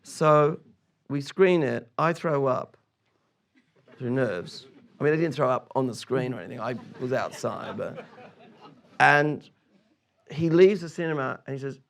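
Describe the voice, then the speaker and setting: A man and film director, a guest in an interview, telling anecdotes on stage in a lively, animated way with frequent laughs. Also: mid-range voice, unhurried, creaky, pauses often. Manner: lively, laughing, full of restarts.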